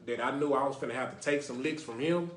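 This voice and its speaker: Speaking quickly at a medium pitch, a North Dallas man from Lake Highlands hosts a casual call-in podcast. The sound is reverberant, and "you know what I mean" comes up often.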